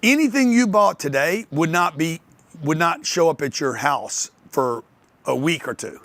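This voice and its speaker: An older man giving a motivational talk on sales to an audience, telling lively stories and acting out the voices of other people. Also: a little high, unhurried, dry recording. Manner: animated storytelling, acts out others' voices. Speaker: speaker on sales and wealth.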